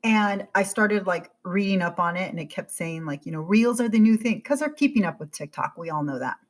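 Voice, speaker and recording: A woman in her forties, a podcast guest, telling her story in a casual, animated way and acting out her own thoughts. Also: mid-range voice, a little fast. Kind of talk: casual interview chat.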